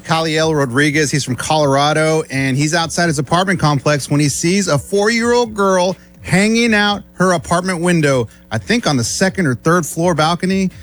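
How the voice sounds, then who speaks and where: A man's voice: fairly high pitch, moderate pace, few pauses, fairly bright tone, faint music behind. A man who speaks English as a second language, telling a story on a radio show with his co-hosts. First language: not English. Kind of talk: casual morning show storytelling.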